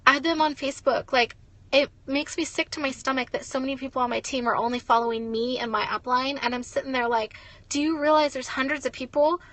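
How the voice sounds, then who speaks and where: A woman's voice: high-pitched, fairly even intonation, fast talker, fairly bright tone, dry recording. A young woman giving a blunt, ranting motivational talk as a network marketing leader, swearing and saying "like" a lot.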